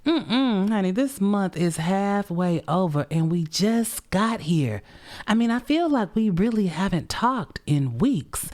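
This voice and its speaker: A woman's voice: fairly low pitch, animated, slow, a little mellow. A middle-aged woman hosting her podcast in casual, sassy chat, tired and run down, swearing freely and calling listeners honey. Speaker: podcast host.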